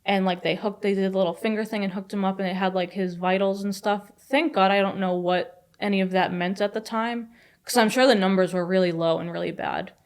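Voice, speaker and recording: A young woman telling a personal story as a podcast guest, fast and chatty with many fillers. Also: mid-range voice, steady tone. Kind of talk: casual storytelling.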